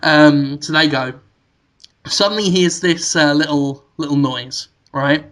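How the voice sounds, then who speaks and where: A man co-hosting a podcast, spinning a long comic movie pitch that wanders as he goes. His voice is bright and forward, and he keeps breaking into laughter at his own ideas. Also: a little slow. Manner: rambling storytelling, laughing at own jokes. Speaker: podcast co-host.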